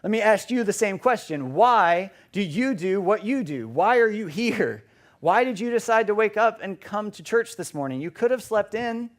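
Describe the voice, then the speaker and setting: A young man with a fairly high voice tells a funny, self-deprecating story from the pulpit. He rambles through it with plenty of fillers, speaking in a church service. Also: expressive, normal speed. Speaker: preacher. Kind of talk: storytelling sermon. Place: church sanctuary.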